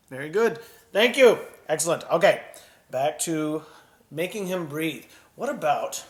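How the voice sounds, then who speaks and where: Teaching kids puppetry, a man with a slightly high voice stays gentle and encouraging, sighing and breathing audibly to act out each feeling. His delivery is animated at a moderate pace.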